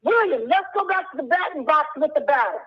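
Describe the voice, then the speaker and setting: A woman's voice: high-pitched, lively intonation, a little fast, muffled recording. A woman hosting a radio call-in show, coaching a caller with teasing repetition.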